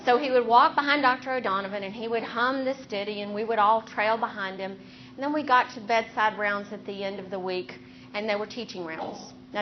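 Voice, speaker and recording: A woman speaking as a neurosurgeon and clinical teacher in a faculty lecture, earnest and steady, drawing on her own stories. Her voice sits at a middle pitch for a woman. The recording is a little dull, with faint noise in the background. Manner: earnest, anecdotal, steady explaining tone.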